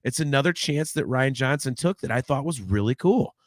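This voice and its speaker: A man hosting a casual podcast chat, animated and rambling, swearing freely into a close microphone. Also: medium pitch, brisk, dry recording. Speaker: podcast host.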